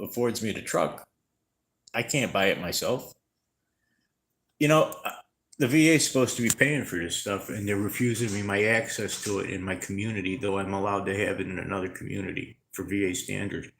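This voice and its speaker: A tired man talking to camera in a halting, rambling, distressed way, with many restarts. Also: lowish voice, slight background noise. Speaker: vlogger. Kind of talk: unscripted personal vlog to camera. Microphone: camera mic. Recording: roomy echoey room.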